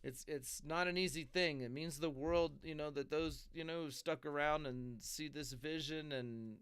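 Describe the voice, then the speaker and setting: A man's voice: a little high, moderate pace, fairly bright tone, clean tone, dry recording. A man hosting a podcast, talking in a laid-back, slangy, chatty way. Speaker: podcast host. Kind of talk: casual chat.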